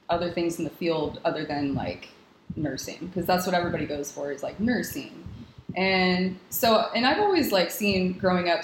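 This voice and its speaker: Chatty young woman, low-pitched, echoey room. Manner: chatty, filler-heavy storytelling with frequent "like". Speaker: guest, X-ray technologist. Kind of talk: casual podcast conversation. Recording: roomy room with background noise.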